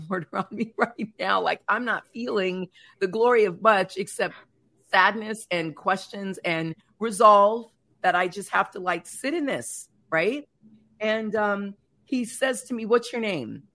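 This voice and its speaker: A middle-aged woman hosting a talk show, telling a personal faith story in an earnest, animated way with many fillers. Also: mid-range voice, unhurried.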